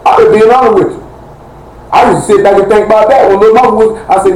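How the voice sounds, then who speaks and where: A man's voice: high-pitched, steady tone, very fast, darkish tone. A man preaching a fiery live-streamed sermon in a heated, blunt and rambling colloquial way. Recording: echoey room with faint noise.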